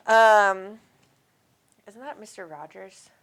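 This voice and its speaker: A woman's voice: mid-range voice, animated, slow, fairly bright tone. A woman with a Minnesotan accent hosting a spiritual livestream, chatting casually and affectionately as she reads viewer comments aloud, with plenty of ums. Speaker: spiritual medium and livestream host.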